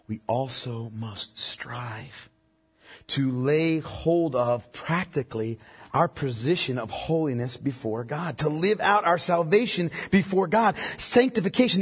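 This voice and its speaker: A man's voice: fairly high pitch, takes it slowly, slightly rough, big-room sound. A male pastor preaching a sermon, emphatic and checking in with the congregation through repeated questions.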